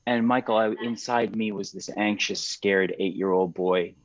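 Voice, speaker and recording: A fifty-year-old man hosts a casual talk, speaking earnestly and often restarting his sentences. His voice sits on the low side. The sound is dull and lo-fi, as over a video call. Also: fairly even intonation. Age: 50s. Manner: earnest, halting, with many restarts. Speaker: podcast host. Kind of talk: casual conversation.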